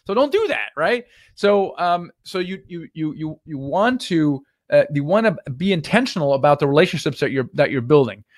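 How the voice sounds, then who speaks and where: Brief: energetic male investing coach, slightly high voice, dry close sound, gives direct do-and-don't advice live. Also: moderate pace, hardly any pauses, dry recording. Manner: acts out sample conversations in shifted voices. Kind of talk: live-stream teaching.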